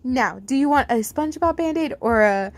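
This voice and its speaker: A woman's voice: sits high, lively intonation, moderate pace. A woman voicing a doting sing-song daycare robot. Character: cheerful male sun-faced daycare robot caretaker. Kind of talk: amateur fan-fiction reading.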